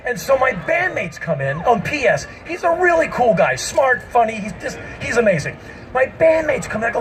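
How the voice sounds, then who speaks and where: A man in his fifties telling a comic story on an outdoor festival stage into a stage microphone, emphatic and breaking into shouts. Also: very high-pitched, very animated, normal speed, faint music behind, poor audio. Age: 50s. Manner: emphatic, bursts into shouting, mimics people. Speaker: spoken-word performer. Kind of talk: stand-up storytelling.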